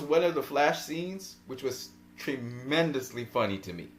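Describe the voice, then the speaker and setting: A man giving casual film commentary in an animated, rambling way and laughing often. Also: fairly high pitch, moderate pace, hardly any pauses. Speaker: movie vlogger.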